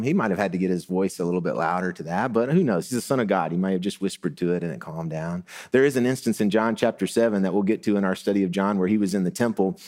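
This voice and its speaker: A man's voice: on the low side, darkish tone. Man preaching in a reverberant hall. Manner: conversational preaching, rising for emphasis. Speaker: pastor. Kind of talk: sermon.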